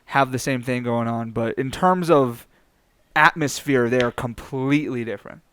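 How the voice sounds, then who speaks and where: A man's voice: mid-range voice, normal speed, a bit bright, clear, resonant tone. A man in casual chat about a video game, blunt and swearing freely. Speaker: game discussion panelist.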